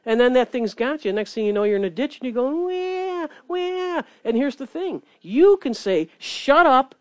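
A woman preaching a sermon in an earnest, animated way, reading scripture between her points. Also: on the high side, brisk, no room sound.

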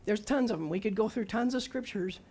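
A medium-pitched, slightly mellow voice with a breathy edge belongs to a woman in her sixties, who talks a little fast. She preaches a testimony-style sermon conversationally, questioning her hearers and performing quoted lines from herself and God.

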